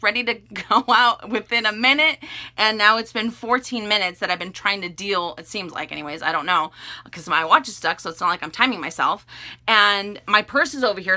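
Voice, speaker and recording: Casting: woman vlogger, bright tone, chatty storyteller who laughs a lot. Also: medium pitch. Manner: chatty and animated, laughing often, restarting sentences. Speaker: beauty vlogger telling a story. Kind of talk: casual storytime vlog.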